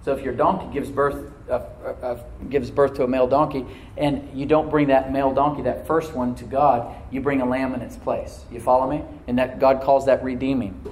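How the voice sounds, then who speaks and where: Male pastor, middle-aged, mellow tone, emphatic sermon delivery with call-and-response. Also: mid-range voice, flat delivery, fairly quick, a little hiss or hum, poor audio. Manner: dramatic shifts between loud emphasis and hushed asides.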